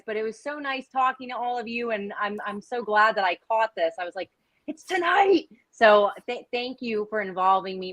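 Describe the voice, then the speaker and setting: A woman's voice: medium pitch, bright, forceful tone, no room sound. Bubbly, giggly woman guest. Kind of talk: casual livestream chat.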